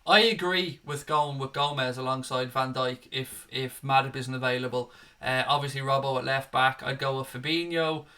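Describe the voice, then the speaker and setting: On his live fan channel, a young host reads viewer comments and casually calls everyone mate. He speaks at a normal speed in a mid-range voice with a steady yet sharp tone.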